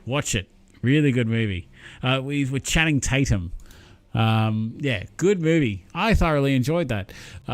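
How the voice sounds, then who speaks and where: On a live stream, a man with a medium-pitched voice chats casually with viewers, rambling easily, dropping lots of ums and letting his thoughts trail off.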